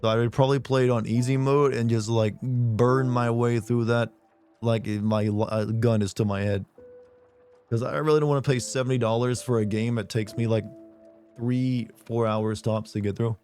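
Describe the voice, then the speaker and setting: A man streaming a game, chatting casually and joking, his voice hoarse from being sick. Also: mid-range voice, fairly even intonation, darkish tone, soft background music. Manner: joking, chatty, quick laughs. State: hoarse from illness.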